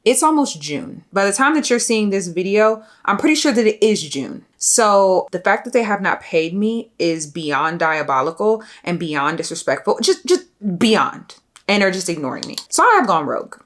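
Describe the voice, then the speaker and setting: A young adult woman vlogger talking casually to her viewers, venting in an animated, exasperated way with slangy asides. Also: medium pitch, normal speed, few pauses. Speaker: beauty vlogger. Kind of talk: casual vlog rant to camera.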